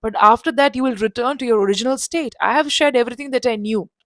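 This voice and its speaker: A woman voicing an old male professor who lectures in a calm, dismissive way. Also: a little high, quick pace, no room sound, lightly acted.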